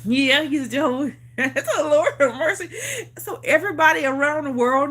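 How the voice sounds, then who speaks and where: Bright-voiced woman telling it straight. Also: sits high, expressive, moderate pace, breathy edge. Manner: emphatic and repetitive, laughs often; swears freely. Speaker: vlogger on a livestream. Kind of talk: casual storytelling chat.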